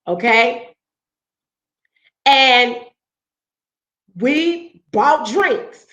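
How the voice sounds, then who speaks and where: This high-pitched woman tells her side of the story in a blunt, confrontational rant, swearing freely and pausing to ask her listeners "okay?". The room rings with echo, and the sound is dull and lo-fi. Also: a bit bright. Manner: blunt, profane, keeps asking "okay?". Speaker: vlog host.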